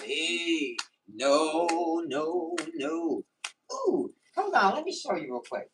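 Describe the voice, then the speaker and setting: A woman's voice: low-pitched, big pitch swings, slow, a little hiss or hum. A woman hosting a casual livestream, greeting viewers by name and answering the chat on her phone. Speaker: livestream host.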